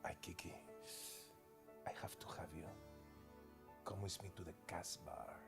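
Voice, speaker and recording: A man voicing a hushed, seductive lover stereotype with a breathy tone. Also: deep voice, steady tone, a little slow, soft background music, voice pushed down.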